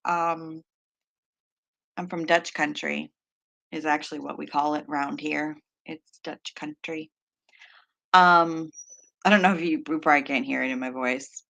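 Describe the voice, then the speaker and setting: A woman's voice: low voice, fairly even intonation, measured pace, vocal fry, long pauses, a bit bright. A woman from Pennsylvania with a Pennsylvania accent, hosting a writing livestream in casual, chatty talk with lots of fillers and frequent laughter. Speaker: livestream host.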